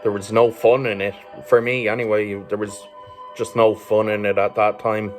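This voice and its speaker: A man's voice: on the low side, level tone, moderate pace, faint music behind. An Irish man telling a personal story as a vlogger, rambling casually with swearing, fillers and chuckles. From Ireland.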